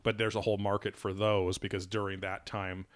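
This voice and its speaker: A man with a fairly low voice co-hosts a podcast in loose, rambling banter. He swears freely and breaks into laughter often. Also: flat delivery, brisk. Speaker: podcast co-host.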